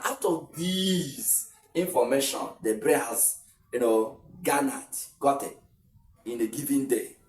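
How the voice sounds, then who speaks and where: A man from Nigeria teaching an exam tutorial in a classroom, explaining step by step with frequent fillers and repeated phrases. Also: mid-range voice. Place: classroom with a board. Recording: roomy, distant camera mic with faint hiss.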